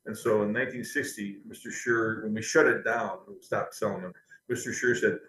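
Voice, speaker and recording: A man's voice: fairly low pitch, fairly even intonation, fairly quick, fairly bright tone. A man, a company historian, telling anecdotes in an interview, chatty and laughing now and then. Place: company building. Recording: roomy echo.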